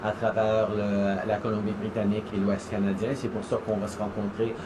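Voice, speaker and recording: A man giving a formal public statement as a politician, measured and hesitant with fillers. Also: lowish voice, completely flat delivery, roomy sound, background noise.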